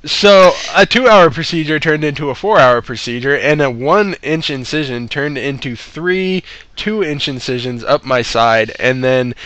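A man's voice: on the high side, expressive, measured pace, a bit bright, no room sound, dull audio. A man casually telling a story, swearing a lot and laughing between lines.

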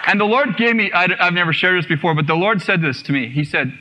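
A man giving a personal testimony in a sermon, telling his story in an animated way, acting out what was said and laughing often. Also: high voice, quick pace, few pauses, a little hiss or hum. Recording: muffled radio broadcast.

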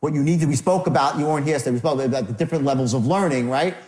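A man's voice: on the high side, very fast, a little mellow. A man running a live sales training seminar, acting out customer and salesman lines with shifting tone. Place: seminar room. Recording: echoey room.

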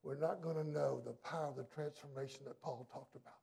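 A man preaching a sermon with a raised pitch and a gravelly edge to his voice. He drops to near quiet, then rises to loud, emphatic passages. His delivery is a pastor's, building on each point. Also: steady tone, fast.

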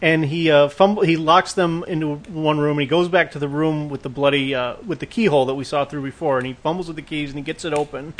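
Man, slightly higher voice, chatty podcast co-host, quick to laugh. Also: steady tone. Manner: chatty, laughs often, chimes in. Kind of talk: casual recap chat.

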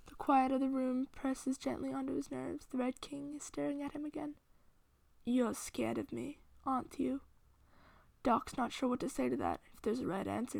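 A woman reading fan fiction aloud in a steady, hushed storytelling voice. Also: high voice, gravelly, dry recording. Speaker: reader.

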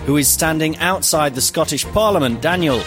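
A man's voice: a little high, brisk, music in the background. A man in an improvised comedy scene, answering meekly and hesitantly. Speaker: improv performer.

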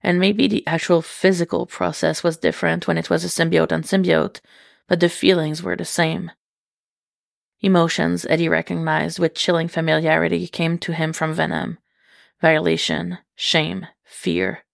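A woman reads fiction aloud in a slightly low, heavily gravelly voice. Her narration is measured and unhurried. The recording is dry and close, with no room sound. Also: level tone, dry recording. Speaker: reader.

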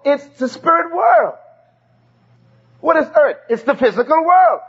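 On a dull lo-fi recording, a man with a very high, fairly bright voice preaches in an animated way, a touch slowly. He emphatically repeats key phrases so the congregation will say them back.

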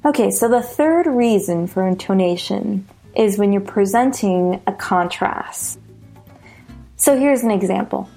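A woman with an American accent teaching pronunciation, slowly repeating example sentences and stressing the key words. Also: mid-range voice, lively intonation, vocal fry, warm tone, soft background music. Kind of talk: slow, deliberate lesson with spoken examples.

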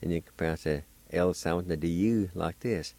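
A man hosting a radio language lesson, spelling words letter by letter and repeating each word slowly. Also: sits low, vocal fry, warm tone, dry recording. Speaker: radio host teaching Cherokee words.

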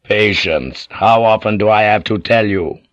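A man voicing a calm, commanding older warlord who speaks in terse, measured orders. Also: low voice, dry recording, dull audio.

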